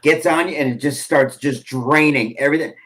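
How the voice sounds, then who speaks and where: A man's voice: fairly high pitch, steady tone, fairly quick, a bit bright, poor audio. A man on a podcast, telling casual stories, often laughing as he rambles through them. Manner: laughing, rambling anecdotes with fillers. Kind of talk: casual storytelling chat.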